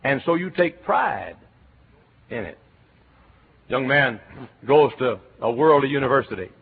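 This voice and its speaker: A middle-aged man from Texas with a Texan accent, preaching a sermon as a pastor, telling stories and breaking into shouts. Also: medium pitch, measured pace, creaky, husky. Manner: animated storytelling, bursts into shouts and chants. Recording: tinny phone-like recording.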